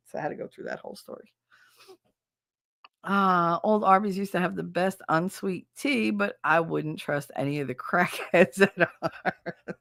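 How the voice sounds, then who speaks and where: A woman streamer chatting casually while she works, telling animated stories, laughing often and acting out the people she quotes. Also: medium pitch, a little slow, pauses often, no room sound, studio quality. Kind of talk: casual chat while doing a task.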